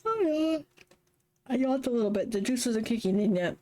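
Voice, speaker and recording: A young woman streamer reading a story game aloud, chatty and quick to laugh between lines. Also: a little high, lively intonation, dark tone. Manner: chatty, laughs often, reads narration then comments. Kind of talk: reading a visual novel aloud with commentary.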